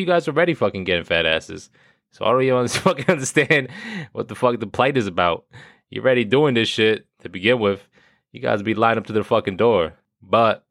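Profane ranting man with a deep voice. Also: no room sound, clean studio sound. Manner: loud, profane, ranting, laughs at his own jokes. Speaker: podcast host. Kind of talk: profane comedic rant.

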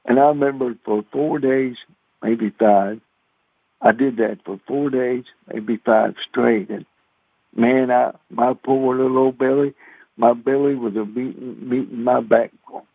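Folksy older preacher, gravelly voice. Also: male voice, mid-range voice, steady tone, unhurried, no echo. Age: 60s. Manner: folksy storytelling with repetitions. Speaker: radio preacher. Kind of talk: radio sermon with personal story. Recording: dry phone-like radio sound.

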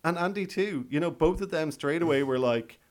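A man's voice: fairly high pitch, fairly quick. A man hosting a podcast, chatting casually and playfully about a reality show and laughing often. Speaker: podcast host. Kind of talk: casual recap chat.

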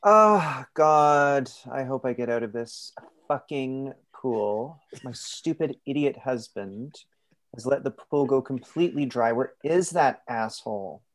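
A man's voice: medium pitch, unhurried, natural voice. A man plays a brash, grumpy wife in his ordinary mid-range voice. She snaps insults at her husband in an improvised comedy podcast sketch. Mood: irritated. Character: grumpy wife stuck in a pool, secretly nerdy.

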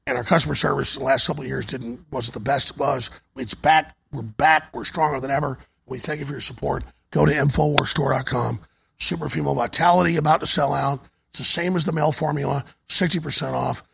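A hoarse man hosting a talk show, urgently pitching products and asking for donations on air. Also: fast talker, fairly bright tone. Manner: urgent, repetitive sales pitch. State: hoarse, voice nearly gone.

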